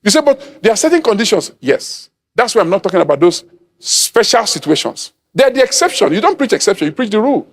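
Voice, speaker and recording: A middle-aged man from Nigeria preaching an emphatic sermon, acting out quoted voices and laughing at his own points. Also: very high voice. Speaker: apostle preaching.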